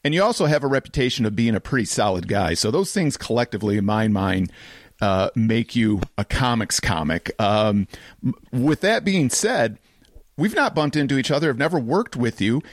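A man's voice: medium pitch, expressive, moderate pace, dry recording, clean studio sound. A man with a Southeast Michigan accent and a slightly nasal voice, hosting a casual podcast interview and laughing often. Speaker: podcast host.

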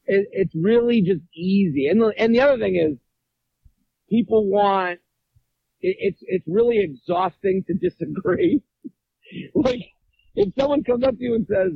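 A man's voice: high voice, measured pace, vocal fry, long pauses, husky, no echo, phone-quality sound. A man from the Boston area, a comedian guest in casual interview chat, telling stories and acting out the people in them, swearing freely. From Boston area, USA. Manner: animated storyteller acting out dialogue, swears freely.

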